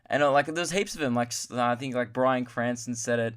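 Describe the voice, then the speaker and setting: A man's voice: mid-range voice, brisk, a bit bright, smooth. A man, hosting a solo comedy podcast, rambling and mocking himself as he jumps between topics. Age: 20s. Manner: rambling, self-mocking, puts on voices for impressions. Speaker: podcast host.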